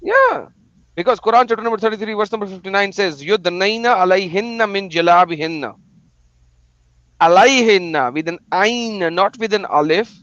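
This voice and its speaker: A man calling in as a guest on a livestream chat, speaking emphatically and reciting scripture quickly. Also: high-pitched, fairly bright tone, no room sound. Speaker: guest caller. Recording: dry, dull lo-fi call audio.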